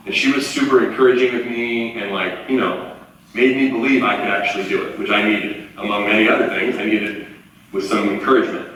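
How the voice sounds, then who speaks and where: A man in his forties giving a live motivational talk, telling stories in an animated way and acting out the voices of the people he quotes. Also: lowish voice, fast, slight background noise. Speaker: motivational speaker. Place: large auditorium. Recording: echoey hall from far off, faint ambience.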